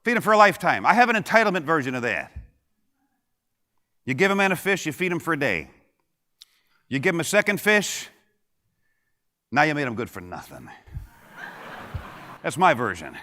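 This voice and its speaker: Give me a motivational keynote from a middle-aged man, punchy and quick with a joke, recorded with long hall reverb. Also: a little high, very animated, sharp tone. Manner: punchy, joking, fires rhetorical questions at the audience. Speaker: keynote speaker. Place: large conference hall with audience.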